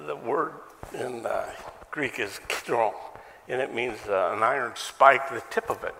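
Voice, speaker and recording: A man's voice: mid-range voice, creaky, bright, forceful tone, big-room sound, slight background noise. A male pastor preaching a sermon in a conversational way, asking many questions and adding self-deprecating asides. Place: church sanctuary.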